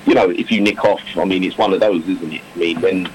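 A man's voice: deep voice, steady tone, fast, slight background noise, rough recording. A man, a cricketer who now coaches, answering interview questions in a loose, rambling way full of fillers and restarts. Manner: rambling, many fillers and restarts, warm laughter.

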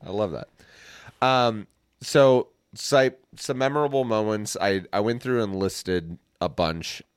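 Brief: easygoing Midwest podcast co-host, man, lowish voice, dry close mic. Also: measured pace, smooth, no room sound. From American Midwest. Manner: easygoing, steers the conversation. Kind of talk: casual chat.

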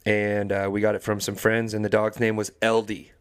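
A man's voice: fairly low pitch, normal speed, clear, resonant tone. A young adult man co-hosting a podcast, telling a story casually and acting out the people in it. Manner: animated storyteller, acts out quoted voices. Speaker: podcast co-host.

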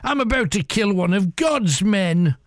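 A man's voice: on the high side, sing-song, normal speed, gravelly, no room sound, studio quality. Man putting on a sneering tiny old pirate. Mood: boastful. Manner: boastful, sneering. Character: tiny old male pirate, mocking and brutal.

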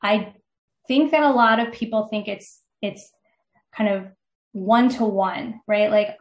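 A woman's voice: mid-range voice, slow, dull audio. Middle-aged woman guest, earnest, lots of likes and ums, echoey room. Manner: earnest, animated storyteller with many fillers. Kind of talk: storytelling in an interview.

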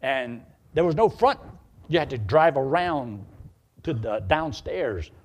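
Preacher telling a story from the pulpit, husky voice, lively swinging pitch. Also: male voice, takes it slowly. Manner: animated, acts out dialogue. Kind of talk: sermon storytelling.

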